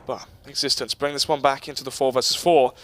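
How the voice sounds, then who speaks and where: A man casting an esports match as play-by-play commentator, quick and joking. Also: mid-range voice, little pitch movement. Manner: quick, joking, laughs often. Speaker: esports caster.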